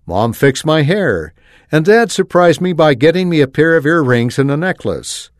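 A man reading a first-person story aloud with an expressive delivery. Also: fairly high pitch, normal speed, no echo, studio quality. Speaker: reader.

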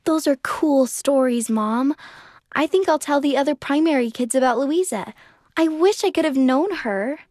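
A woman voicing curious young girls in a children's story, earnest and bright. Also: sits high, moderate pace, dry recording, close to an everyday voice. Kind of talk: children's magazine story reading.

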